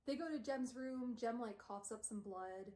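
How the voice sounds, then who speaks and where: A woman's voice: on the high side, a little slow, warm tone. A young woman streamer recapping a book in her room, chatty and self-deprecating, saying "like" constantly. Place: her bedroom. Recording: roomy sound from a distant mic.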